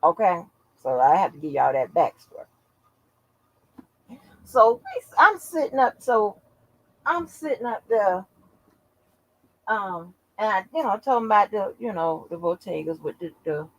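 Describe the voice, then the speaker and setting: A woman telling a story to her channel in loose, casual chat, swearing freely and acting out what people said. Her pitch swings widely as she talks, and the sound is dry and close, with no room echo. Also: unhurried, long pauses. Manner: animated, profane, acts out quotes. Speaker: channel host.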